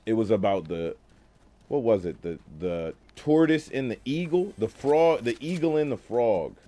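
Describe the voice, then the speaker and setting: A man talking casually while playing a video game, telling a fable and musing on life in relaxed slang. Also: mid-range voice, a little slow. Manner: laid-back, slangy, reflective. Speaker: gaming streamer. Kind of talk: casual gameplay commentary with storytelling.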